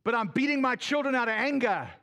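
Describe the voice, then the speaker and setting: A middle-aged South African pastor preaching a sermon with fast, impassioned delivery and quick asides to the congregation. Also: male voice, very high-pitched, expressive, sharp tone.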